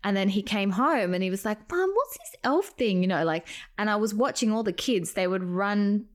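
A woman, co-hosting a podcast in casual chat, animated and rambling, acting out what people said. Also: medium pitch, a little fast. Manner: animated, rambling, acts out quotes. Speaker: podcast co-host.

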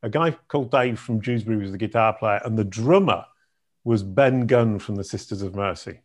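A man's voice: fairly low pitch, normal speed. Chatty middle-aged man. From Yorkshire, England. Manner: chatty, self-deprecating storyteller. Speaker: guest. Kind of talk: conversational interview.

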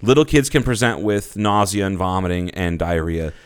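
A man's voice: sits low, lively intonation, moderate pace, clean tone. A man co-hosting a podcast in casual, joking chat, swearing freely and breaking into mock voices. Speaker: podcast co-host.

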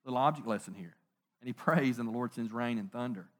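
A middle-aged man preaching a conversational sermon, animated, joking and asking rhetorical questions. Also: mid-range voice, fast. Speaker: pastor.

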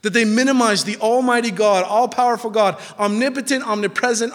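A man's voice: on the high side, a bit bright. A man preaching a sermon to a congregation, emphatic and repeating phrases for stress, with casual asides to the listeners. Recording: reverberant hall.

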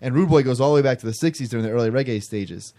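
A man's voice: mid-range voice, very fast, warm tone. A man casually telling a rambling, self-amused story on a podcast, restarting his phrases as he goes.

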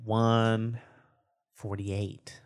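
A man's voice: on the low side, little pitch movement, drawn-out words, smooth. A man co-hosting a podcast, joking around in casual chat. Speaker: podcast co-host.

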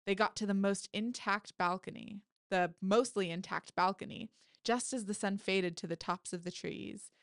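A woman author reading her own horror story aloud, in a lively way, now and then correcting herself with a laugh. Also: mid-range voice, moderate pace, no room sound, clean studio sound.

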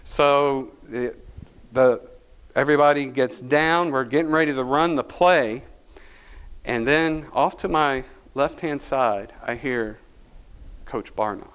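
A man's voice: medium pitch, slow, fairly bright tone, clear, resonant tone. A male pastor, preaching a sermon through a folksy personal story full of restarts.

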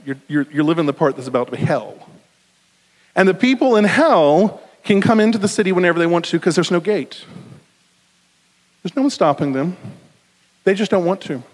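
A man preaching a sermon in a lively, conversational way, often checking in with "right?". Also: fairly high pitch. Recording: long hall reverb.

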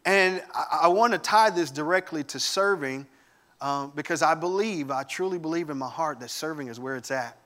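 A man giving a sermon, telling lively family stories with humor and enthusiasm. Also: a little high, normal speed. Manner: animated storytelling with humor. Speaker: guest preacher.

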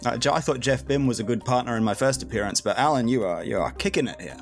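A man's voice: mid-range voice, expressive, soft background music. A man playing a word game as a contestant, giving short one-word clues. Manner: gives one-word clues, slow and deliberate. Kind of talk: casual game play.

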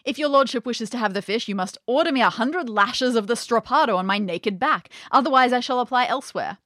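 A woman's voice: on the high side, a little fast, fairly bright tone, no room sound, studio quality, lightly acted. A woman voicing a bold, stubborn fisherman who makes an odd bargain with a lord, in a declaiming storybook manner. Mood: insistent.

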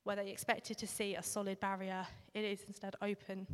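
A woman preaches in a relaxed, reflective, conversational manner. Her voice sits at an ordinary middle pitch. A long reverb trails behind her, as in a large church hall. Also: a little fast. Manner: reflective, conversational with occasional fillers. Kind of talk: sermon.

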